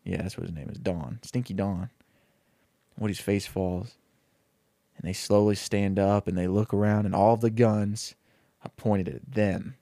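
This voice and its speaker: A young man casually pitching a comedic story, rambling and acting out the characters' lines. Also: fairly even intonation, normal speed, gravelly, mellow, no echo.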